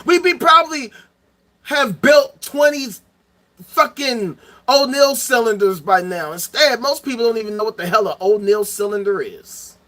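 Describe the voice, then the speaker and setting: A man's voice: extremely high pitch, moderate pace, fairly bright tone. A man ranting angrily into the camera, profane and heated, hammering points home by repeating them. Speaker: vlogger. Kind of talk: angry ranting monologue.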